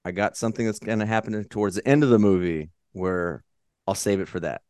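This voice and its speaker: A man's voice: fairly low pitch, fairly quick, clear, resonant tone, dry recording, studio quality. Profane, rambling podcast guy. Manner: profane, rambling, animated storytelling. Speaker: podcast co-host. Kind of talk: casual movie chat.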